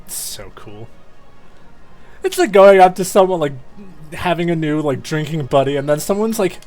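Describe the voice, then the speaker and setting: A man streaming a game, commenting excitedly and laughing often. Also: fairly high pitch, normal speed, pauses often. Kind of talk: let's play commentary. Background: game music.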